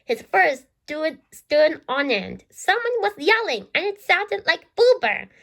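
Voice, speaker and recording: A woman reads a children's storybook aloud in a high, lively voice. She trips and restarts often, repeating words as she goes, with a gravelly catch in her tone. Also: slow. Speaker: storybook reader. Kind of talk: reading a children's book aloud.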